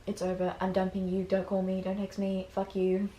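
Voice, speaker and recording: A woman voicing a blunt young male boyfriend who speaks in curt, flat bursts. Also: medium pitch, moderate pace, echoey room, a little hiss or hum, lightly acted. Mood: cold.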